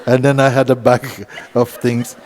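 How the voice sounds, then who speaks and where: A man giving a relaxed spiritual talk at a retreat, gentle and playful, often laughing as he tells a story. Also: medium pitch, a little slow, a crowd in the background, noisy background. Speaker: spiritual teacher. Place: retreat hall.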